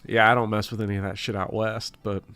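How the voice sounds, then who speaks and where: A man's voice: on the low side, little pitch movement, fast, fairly bright tone, smooth, faint music behind. A man hosting a casual game stream, joking and swearing as he chats with a guest and reads comments. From US South. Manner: profane, joking, mimics voices. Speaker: streamer and host.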